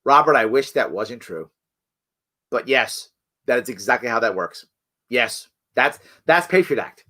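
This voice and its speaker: A man hosting a live ask-me-anything stream, talking casually with many restarts and jumping up in pitch when he acts out other people. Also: a little slow. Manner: animated, acts out quoted voices with big jumps in pitch; frequent restarts and self-corrections. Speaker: host answering live chat questions.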